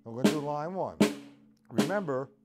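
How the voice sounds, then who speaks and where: A man's voice: on the high side, animated, moderate pace, loud music behind the voice. A man teaching a live-streamed drum lesson, counting beats aloud and checking in with his viewers. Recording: drum kit playing behind voice. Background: loud drum kit.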